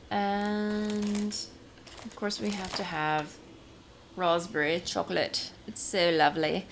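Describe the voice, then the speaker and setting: Woman, home craft vlog host, casual rambling chat, gravelly fry, faint background noise. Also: mid-range voice, a bit bright. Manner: chatty, rambling, many ums and restarts. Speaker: knitting podcast host. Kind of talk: casual show-and-tell vlog. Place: home, seated indoors.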